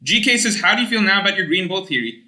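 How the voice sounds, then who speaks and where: A young man streaming, reading chat aloud and rambling in casual, animated talk with some swearing. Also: high-pitched, quick pace, roomy sound.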